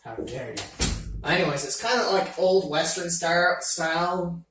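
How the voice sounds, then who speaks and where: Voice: medium pitch, expressive, unhurried, very echoey, recorded from a distance, background noise. A game master narrating a tabletop game with loose, rambling descriptions full of fillers.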